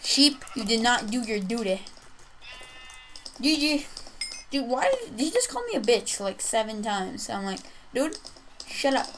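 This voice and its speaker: A young woman commenting on her own gameplay, playfully trash-talking other players and shouting in bursts. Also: on the high side, sing-song, measured pace, long pauses, background noise. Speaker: gaming youtuber.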